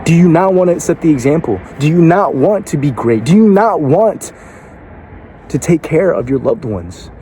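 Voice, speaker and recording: A man's voice: fairly high pitch, animated, moderate pace, dark tone, slight background noise. Blunt man giving a profane motivational speech. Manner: rhetorical questions aimed at the listener. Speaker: motivational speaker.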